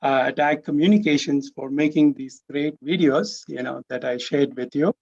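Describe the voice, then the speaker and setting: A man's voice: on the high side, steady tone, moderate pace, creaky, a little mellow. A man presenting as a university lecturer, talking conversationally and dropping in frequent "you know" fillers. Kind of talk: conference presentation. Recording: dull lo-fi recording.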